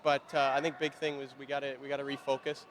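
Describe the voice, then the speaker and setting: A young male lacrosse player rattling off quick answers in a rink-side interview, packed with fillers and self-corrections. His voice sits at a middle pitch, and faint crowd noise carries behind him. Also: completely flat delivery. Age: young adult. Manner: fast, filler-heavy, with repeated restarts. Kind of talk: post-period sideline interview.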